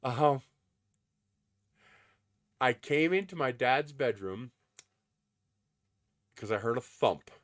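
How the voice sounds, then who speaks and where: A man's voice: medium pitch, animated, slow, pauses often, no room sound, clean studio sound. A man hosting a casual livestream from his desert home, chatting in a rambling way with frequent ums. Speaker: livestream host.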